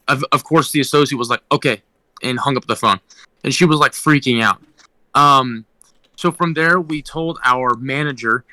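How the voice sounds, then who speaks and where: A man's voice: medium pitch, pushed and bright, no echo, poor audio. A young man co-hosting a podcast, telling a work story casually, rambling with ums and restarts. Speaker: podcast co-host.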